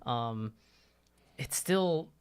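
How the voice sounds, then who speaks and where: A man's voice: mid-range voice, animated, very slow, clean tone. A man in his thirties co-hosting a casual live stream, talking in a hesitant, rambling way with many fillers. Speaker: co-host.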